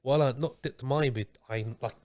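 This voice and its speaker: A man's voice: mid-range voice, normal speed. A man hosting a podcast, telling stories in casual, slangy chat. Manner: animated storytelling with slang. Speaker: podcast host.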